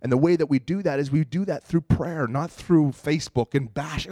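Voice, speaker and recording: A man's voice: on the high side, animated, moderate pace, few pauses, dark tone, no room sound, clean studio sound. A man preaching a conversational sermon, earnest, and acting out quotes and little prayers as he goes. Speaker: pastor.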